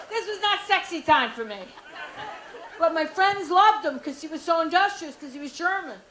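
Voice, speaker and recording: A woman's voice: very high voice, animated, moderate pace, a bit bright. A woman doing a stand-up comedy set, brash and frank, teasing the crowd. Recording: echoey club room, faint noise.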